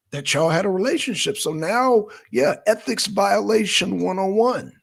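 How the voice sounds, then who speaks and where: Southern man with a Georgia accent, a gravelly, husky livestream host, chatty and talking straight to his viewers. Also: high-pitched, a little slow, few pauses. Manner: chatty, addresses viewers directly, gives shout-outs. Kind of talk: casual political livestream commentary.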